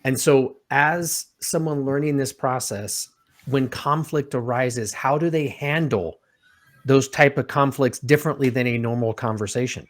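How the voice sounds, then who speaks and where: A man hosting an interview, asking long, halting questions and affirming his guest often. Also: medium pitch. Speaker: interview host.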